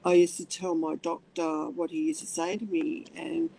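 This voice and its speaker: A middle-aged woman, telling her personal story in halting speech with many restarts. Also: fairly low pitch, steady tone, creaky, mellow, a little hiss or hum, low-quality recording. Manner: halting, many restarts, acts out voices in quotes. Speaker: interviewee.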